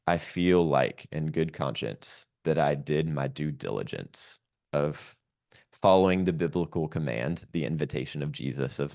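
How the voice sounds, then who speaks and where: Man, very low pitch, gravelly fry, podcast guest, earnest, reflective, personal storytelling, frequent ums. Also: a little mellow.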